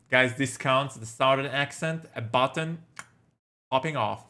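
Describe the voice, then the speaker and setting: A man's voice: mid-range voice, unhurried, bright, forceful tone. A man streaming a visual novel, reading its lines aloud and adding playful, crude asides. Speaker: gameplay streamer.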